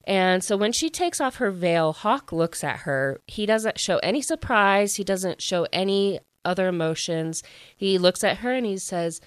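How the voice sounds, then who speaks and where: A woman's voice: medium pitch, expressive, unhurried, clean tone, no echo. A woman recapping a book at home in a chatty, gushing way, full of fillers. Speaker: book reviewer.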